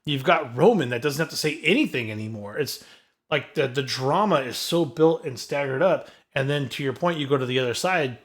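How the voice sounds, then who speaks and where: A man's voice: medium pitch, fairly bright tone. A man co-hosting a casual wrestling podcast, talking enthusiastically at length and turning to his co-hosts by name. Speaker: podcast co-host. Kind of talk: casual chat.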